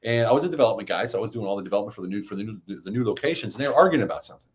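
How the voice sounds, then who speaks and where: A middle-aged man telling stories as a podcast guest, animated and climbing high in pitch when he acts out what people said. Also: rapid-fire. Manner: animated, rises high when acting out quotes. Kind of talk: casual storytelling.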